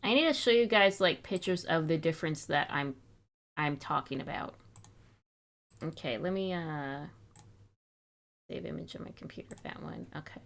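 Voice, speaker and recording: A young woman streaming live, chatting casually and fretting aloud in a rambling, wistful way, sounding a little sick. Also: lowish voice.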